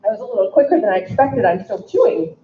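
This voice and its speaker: A middle-aged woman, an executive director, giving a casual, halting tribute speech with fillers and throat clearing. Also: medium pitch, sing-song. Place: indoor event hall. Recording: echoey, dull hall recording with faint noise.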